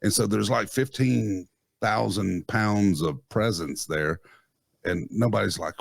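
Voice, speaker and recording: Low-voiced, chuckling man in his fifties. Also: measured pace, vocal fry, no room sound, studio quality. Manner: relaxed, chuckling, joking. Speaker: guest co-host. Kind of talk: casual chat.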